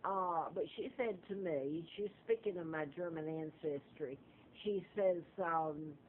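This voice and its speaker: Older woman in a vlog monologue, digressive and full of restarts; thin lo-fi audio, faint hiss. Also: on the low side. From Alabama, US. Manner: digressive, halting, many fillers and restarts. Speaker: vlogger. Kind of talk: rambling personal monologue. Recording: tinny lo-fi phone-like audio with faint noise.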